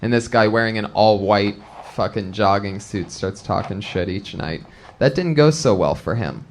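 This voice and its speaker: A man's voice: on the low side, animated, moderate pace, slight background noise. A man hosting a live comedy podcast on a club stage, brash and profane as he jokes and hypes the audience. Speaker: podcast host.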